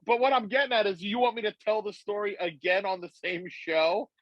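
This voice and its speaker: Brief: lively male storyteller, slightly high voice, dry close sound, does impressions. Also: a little fast, no echo, muffled recording. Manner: animated, breaks into put-on voices and laughs. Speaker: podcast guest.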